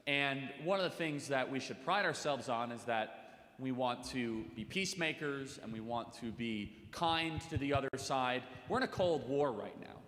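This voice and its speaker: A man speaking on a panel at a live event, talking urgently and rising to forceful emphasis. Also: mid-range voice. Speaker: talk radio host on a panel. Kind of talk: impassioned panel speech. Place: large hall with audience. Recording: echoey hall reverb.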